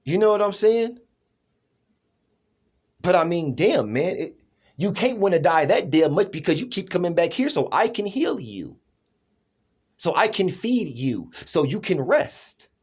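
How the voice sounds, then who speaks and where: A man's voice: high voice, big pitch swings, measured pace, long pauses, slightly rough. A man talking in a rambling personal monologue, emphatic, restarting often and checking in with his listener. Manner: emphatic, keeps asking "you know what I'm saying".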